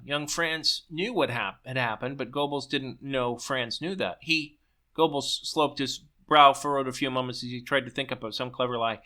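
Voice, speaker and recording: Bright-voiced man reading his own story. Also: medium pitch. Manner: brisk, with slips and restarts. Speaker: story reader.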